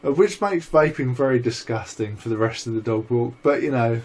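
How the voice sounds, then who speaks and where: A man co-hosting a casual vlog chat, rambling and swearing freely as he tells animated stories. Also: medium pitch, a little fast. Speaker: vlog co-host.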